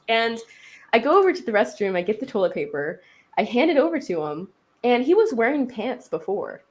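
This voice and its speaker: A young adult woman telling a funny story in casual chat, lively and laughing, acting out the other people in her story. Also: a little high. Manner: animated, laughing, acts out quoted voices.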